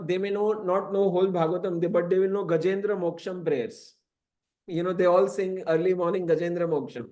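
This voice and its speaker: In a temple classroom, a man with a high, slightly mellow voice teaches a scripture class. He lectures at length, sprinkling in frequent "you know" asides.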